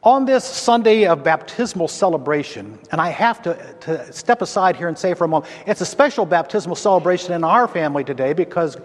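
A man preaching a sermon as a Lutheran pastor, slow and emphatic, speaking to his congregation in a church. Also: on the high side, lively intonation. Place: church sanctuary. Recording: long church reverb.

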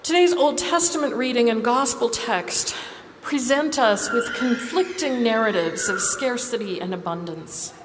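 A woman preaching a sermon, telling stories in a measured, expressive way. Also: a little high, noisy background. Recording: reverberant hall with faint ambience.

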